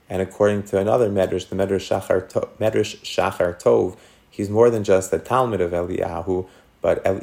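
Man, low voice, gravelly, teaching a Bible class, questioning students. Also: darkish tone. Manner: questions the class, thinks aloud. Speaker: Torah teacher. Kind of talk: interactive text class.

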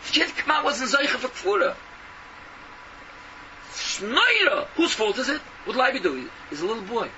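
A man delivers a fervent, scolding sermon full of rhetorical questions. His voice sits very high and swings widely. He is heard from a distance on a noisy recording. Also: sing-song, moderate pace, long pauses, dull audio, crowd noise. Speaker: preacher. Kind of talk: impassioned sermon.

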